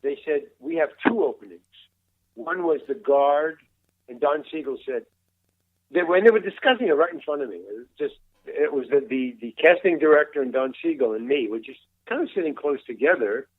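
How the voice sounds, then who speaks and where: A man's voice: on the high side, expressive, a little fast, no echo. Older man telling stories over a tinny line. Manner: rambling, restarts, acts out quoted dialogue. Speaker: interview guest, veteran actor. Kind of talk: casual anecdote telling. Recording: tinny phone-like line, dry.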